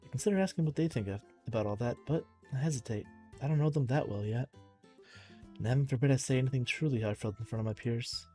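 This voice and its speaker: A man's voice: mid-range voice, fast, dark tone, faint music behind. A young man reading a visual novel's narration aloud on a live stream, sometimes tripping over words and restarting.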